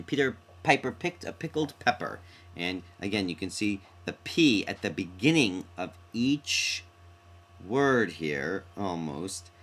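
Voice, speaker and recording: A man's voice: low-pitched, fairly bright tone. A man teaching a recorded mini-lesson on poetic sounds, reading his examples with playful, theatrical flair.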